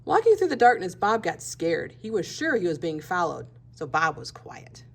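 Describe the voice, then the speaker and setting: A woman reading a picture book aloud with a very lively, sing-song delivery. Her voice has a husky, breathy edge. She plays up the animal noises as she goes. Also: on the low side, moderate pace. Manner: expressive, voices animal sounds. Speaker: storybook reader.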